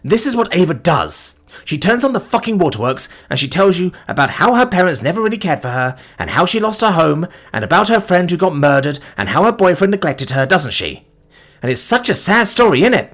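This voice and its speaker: A man's voice: mid-range voice, sing-song, moderate pace, a bit bright, husky, pitched above the performer's own voice. A man voicing an angry, bitter young man who swears and sneers sarcastically. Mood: furious.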